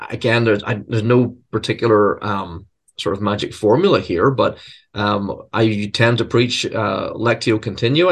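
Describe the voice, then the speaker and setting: Lowish in pitch but fairly bright in tone, this preacher and seminary professor responds to interview questions thoughtfully and sincerely, with humor aimed at himself. He frequently repeats words while finding his phrasing.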